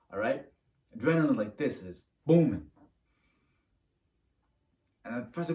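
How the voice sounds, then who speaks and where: Animated man telling a story in a roomy room. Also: mid-range voice, normal speed, long pauses. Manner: animated, acts out moves while telling. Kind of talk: casual storytelling to camera. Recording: roomy, from a distance to the mic.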